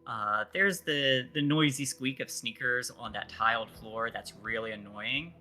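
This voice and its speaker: Bright-voiced man running a tabletop game. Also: mid-range voice, a little slow, soft background music. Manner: hesitant, many fillers and restarts. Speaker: game master. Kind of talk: narrating a tabletop role-play.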